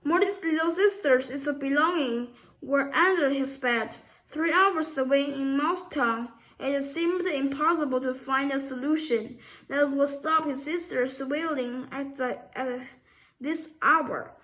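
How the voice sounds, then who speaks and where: A woman's voice: high-pitched, measured pace, a bit bright. A woman reading a children's storybook aloud, often stumbling and restarting words.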